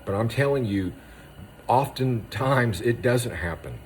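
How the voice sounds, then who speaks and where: A man, an Army veteran, gives a raw spoken monologue, hammering short phrases with intensity and often dropping to a hushed voice. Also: medium pitch, lively intonation, a little slow, a little hiss or hum. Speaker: Army veteran speaking on moral injury.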